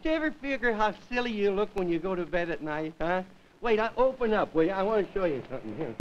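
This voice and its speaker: A man with a fairly high voice tells rambling stand-up jokes in a television studio, breaking into chuckles at his own gags. The sound is dull and lo-fi, like old 1950s television audio with a faint hiss under it. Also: big pitch swings, fast talker. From United States. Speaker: comedian host. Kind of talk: stand-up monologue before a studio audience. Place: television studio with live audience.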